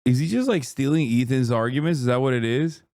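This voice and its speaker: A man's voice: medium pitch, brisk, a little mellow, no room sound, studio quality. A male streamer ranting in live commentary, profane and heated, with sarcastic mockery.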